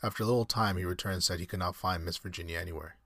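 A man reading a storybook aloud at an unhurried pace, now and then stumbling and correcting himself. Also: low voice, fairly even intonation, sharp tone, no echo, clean studio sound. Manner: unhurried, with slips and self-corrections. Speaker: reader.

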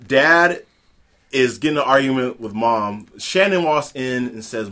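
Laid-back man with a lively voice. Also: medium pitch, unhurried. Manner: laid-back storytelling, laughs while talking. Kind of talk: casual podcast chat.

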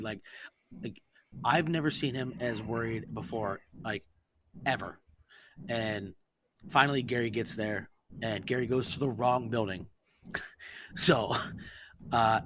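A man's voice: mid-range voice, noisy background. A man telling a long story to friends on a podcast, swearing freely and acting out the messages he quotes. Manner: profane, animated, acts out quoted texts. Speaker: podcast co-host. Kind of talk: casual storytelling among friends.

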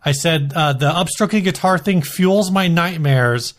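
Podcast dude, kinda high voice, opinionated and jokey, super casual. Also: male voice, measured pace. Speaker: podcast co-host. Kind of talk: casual chat.

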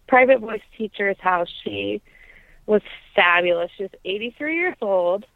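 A woman's voice: mid-range voice, expressive, measured pace, vocal fry, no echo. Woman on a tinny phone-like line. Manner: reflective, heartfelt, many fillers. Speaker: guest, opera singer. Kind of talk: casual interview.

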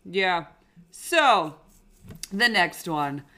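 A woman co-hosting a podcast, chatting casually and gushing like an excited fan. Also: on the low side, drawn-out words. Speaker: podcast co-host. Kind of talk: casual chat.

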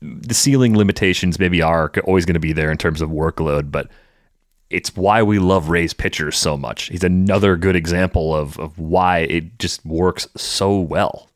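Male podcast host, very deep voice, relaxed chat, dry close mic. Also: moderate pace, no echo. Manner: relaxed, conversational, reads listener questions.

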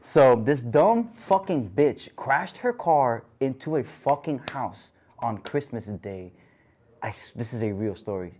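A young man telling crude stories as a podcast guest, swearing constantly and breaking into loud bursts when excited. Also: medium pitch, a little slow, slight background noise. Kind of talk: casual podcast chat.

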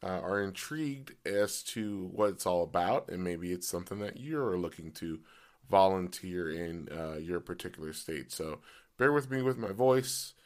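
A man hosting a casual solo podcast, his voice hoarse and cracking in and out, rambling with many fillers. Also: expressive, normal speed, darkish tone. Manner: pitch jumps as voice cracks. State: voice partly gone, hoarse. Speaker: podcast host.

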